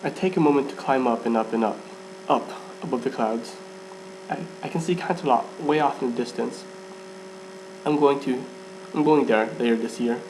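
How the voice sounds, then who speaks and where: A man's voice: medium pitch, moderate pace, noisy background. Man reading a story aloud, stumbling. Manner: stumbles and restarts, laughs at himself. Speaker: fan fiction reader. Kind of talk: amateur first-person story reading.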